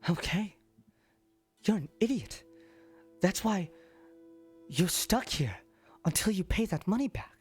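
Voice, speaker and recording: A man's voice: high voice, expressive, takes it slowly, long pauses, breathy edge, soft background music, voice pushed up, full character voice. A man voicing a cruel, taunting voice inside a character's head, sneering and half-whispered.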